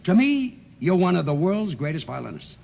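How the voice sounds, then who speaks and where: A man's voice: high-pitched, sing-song, gravelly. A man hosting a televised comedy show, stalling and repeating words as he trades jokes. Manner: halting, repeats himself while fishing for words. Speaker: show host. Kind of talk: comic stage banter. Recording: old TV broadcast with loud noise.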